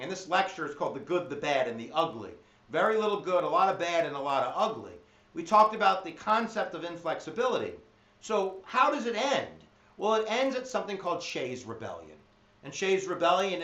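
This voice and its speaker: A man teaching history in an energetic, jokey exam review lecture, slipping into silly voices. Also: high-pitched. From United States. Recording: echoey room, dull lo-fi sound.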